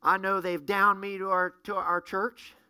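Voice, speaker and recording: High, bright-voiced fervent male preacher. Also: level tone, measured pace, clean tone, no room sound, studio quality. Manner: fervent, with rhetorical questions to the congregation. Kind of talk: sermon.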